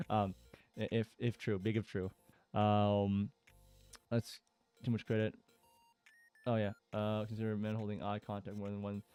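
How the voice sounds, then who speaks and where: A man's voice: on the low side, little pitch movement, a little slow, long pauses, darkish tone, clear, resonant tone, highs cut off, soft background music. A man casually reading forum posts aloud and commenting, with lots of fillers and chuckles. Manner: chatty, with frequent fillers and laughter.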